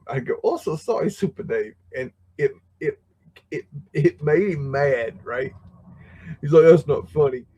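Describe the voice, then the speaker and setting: This livestream host has a darkish, mid-range male voice. He chats loosely about old photos, meandering with lots of fillers, false starts and chuckling along the way.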